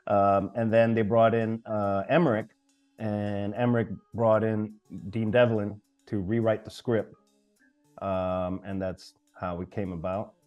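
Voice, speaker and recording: A man's voice: lowish voice, flat delivery, a little slow, smooth, muffled recording, soft background music. A man co-hosting a casual movie talk show, chatting and laughing as he recalls favorite scenes. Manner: laughing, quotes movie lines in raised voices. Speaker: co-host. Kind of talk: casual chat.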